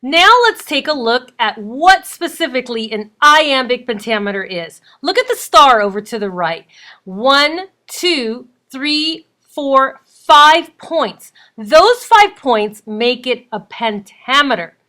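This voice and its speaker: A woman's voice: on the high side, very animated, a little slow, few pauses, bright, forceful tone. A woman teacher giving a recorded lesson, explaining step by step and counting points out with emphasis. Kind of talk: recorded classroom lecture.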